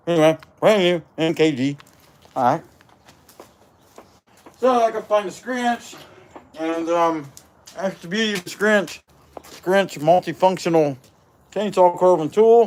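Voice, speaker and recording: A man's voice: high-pitched, unhurried, pauses often, a little mellow, a little hiss or hum. Folksy man chatting with mouth full. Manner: rambling, folksy, talks while chewing. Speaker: livestream host, chainsaw carver. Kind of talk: casual live-stream chat.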